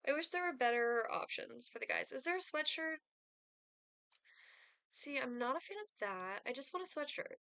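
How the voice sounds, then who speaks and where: A woman's voice: high voice, animated, fast talker, gravelly, bright, forceful tone, dry recording. A young woman streaming a life-sim game, chatting casually with lots of fillers and giggles. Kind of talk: casual gameplay chat.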